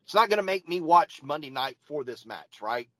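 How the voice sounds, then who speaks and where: A man co-hosting a wrestling podcast, chatting casually as an eager fan whose voice jumps up when excited. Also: fairly high pitch, moderate pace, no echo, low-quality recording. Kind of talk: casual chat reviewing wrestling.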